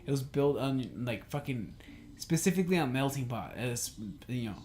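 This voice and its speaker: A man's voice: mid-range voice, sing-song, normal speed, darkish tone. Young male co-host, mid-range voice, heated profane rants, faint ambient hiss. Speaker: podcast co-host. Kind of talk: casual chat.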